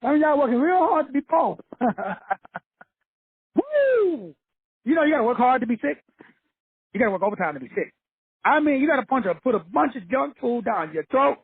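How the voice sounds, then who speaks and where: Husky high-voiced man preaching bluntly. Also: no echo. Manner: preachy, blunt and profane, repeats points for emphasis. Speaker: motivational teacher. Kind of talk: fiery motivational lecture. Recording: tinny phone-like dry sound.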